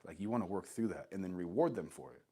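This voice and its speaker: A man with a stuffy nose who runs short of breath, explaining dog training casually and talking softly to the dog. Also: sits low, fast talker, husky. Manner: relaxed, talks softly to the dog between explanations.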